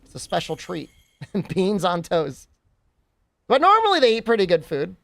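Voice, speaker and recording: A man's voice: high-pitched, huge pitch swings, moderate pace, creaky, fairly bright tone, no echo. A young American man streaming and chatting casually, joking and reacting to questions from his chat.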